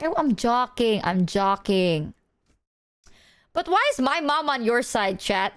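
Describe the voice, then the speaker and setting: A young woman streamer chatting casually with her viewers, telling animated stories full of acted quotes and casual swearing. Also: a little high, unhurried.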